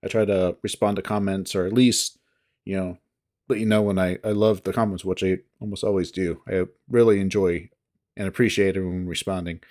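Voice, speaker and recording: A man's voice: deep voice, fairly even intonation, brisk, a little mellow. A man who reads visual novels, talking casually to his viewers in a rambling, hesitant, self-deprecating way. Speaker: visual novel reader and voice actor.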